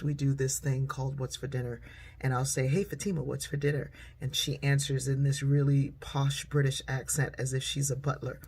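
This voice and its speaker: A woman's voice: extremely low pitch, a little mellow, breathy edge. A middle-aged woman telling humorous family stories in a personal storytelling monologue. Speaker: speaker and author.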